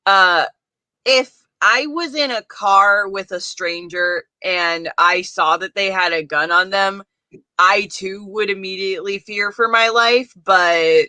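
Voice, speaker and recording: Woman, podcast co-host, casual chat, wry, bright voice, dry close sound. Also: slow, no room sound. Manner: wry, bursts into shrill laughing impressions.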